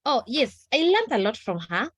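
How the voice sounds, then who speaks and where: A woman's voice: fairly high pitch, big pitch swings, normal speed. A woman from the audience earnestly recapping points she learned. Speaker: audience participant. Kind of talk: casual recap.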